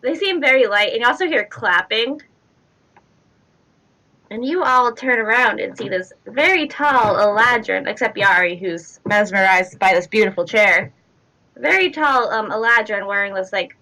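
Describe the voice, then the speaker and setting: A woman's voice: mid-range voice, animated, unhurried, bright, forceful tone, poor audio. A woman running a tabletop game as game master, narrating scenes in a chatty way with many fillers and small laughs.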